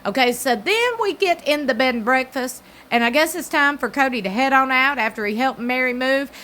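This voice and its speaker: Lady vlogger doing a tv recap, bright voice pitched a bit high, chatty and emphatic. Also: fairly quick. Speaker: TV recap YouTuber. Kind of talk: casual chat recap.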